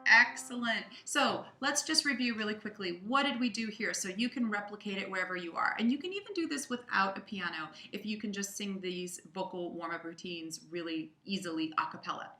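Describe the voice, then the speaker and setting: A woman voice coach leading a guided vocal warm-up lesson, cueing and counting the singer through each exercise in an encouraging way. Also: medium pitch. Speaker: voice and audition coach. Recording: roomy sound with piano behind. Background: piano accompaniment.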